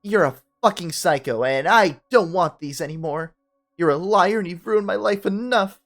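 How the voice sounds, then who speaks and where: A narrator voicing a distraught young woman student who yells slowly and shrilly. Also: faint music behind, natural voice. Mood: furious. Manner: shrill, loud and slow.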